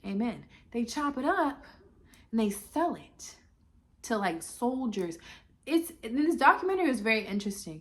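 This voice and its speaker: A woman's voice: medium pitch, sing-song, moderate pace. A woman vlogging to camera in casual chat, rambling and chatty with many filler asides.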